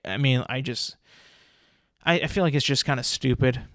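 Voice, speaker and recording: A young man talks through a solo podcast rant at an ordinary middle pitch. His speech is loose and profane, full of "um", "like" and false starts. The recording is dry and close, with no room sound. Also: moderate pace, a bit bright, no room sound. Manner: rambling, profane, many fillers and restarts. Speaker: podcast host.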